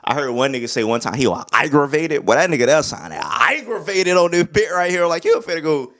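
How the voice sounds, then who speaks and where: Animated young man reviewing an album. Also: on the high side, brisk. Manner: animated, slangy, hums beats and imitates rappers. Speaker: music reviewer.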